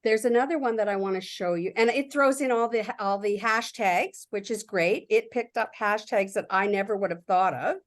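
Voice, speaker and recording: A woman's voice: medium pitch, normal speed, few pauses. A woman giving a casual workshop walkthrough, reading her prompts aloud and talking about the results with enthusiasm. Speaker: workshop presenter.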